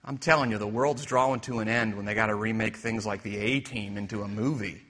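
A man preaching a sermon, using rhetorical questions and swinging from hushed to emphatic. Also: on the low side, steady tone, fairly quick. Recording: reverberant hall.

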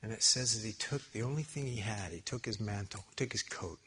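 A man preaching a sermon in church, telling stories with animated, loud peaks and quiet asides. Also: fairly low pitch, fairly quick, breathy edge. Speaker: pastor.

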